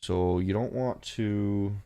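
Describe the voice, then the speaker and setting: On the low side and slow, with vocal fry and a mellow, clean tone, this forex livestream host gives casual commentary. He rambles and curses while reading charts, talking to his chat and shooing his cat away.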